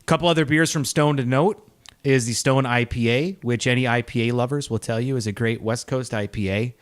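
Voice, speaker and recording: A man's voice: medium pitch, fairly even intonation, brisk. Upbeat chatty male podcast co-host, mid-range voice, casual beer-review talk. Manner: upbeat, chatty, laughs often.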